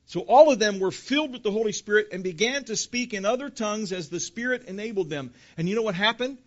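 A man's voice: high-pitched, fast talker, highs cut off. A man preaching a sermon, asking rhetorical questions and building emphasis, calling his listeners folks. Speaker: pastor.

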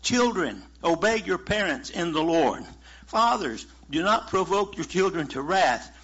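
A man's voice: sits high, very animated, a little slow, a bit bright, breathy edge. A man preaching a sermon in a folksy, conversational way, chuckling now and then. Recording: muffled lo-fi sermon recording.

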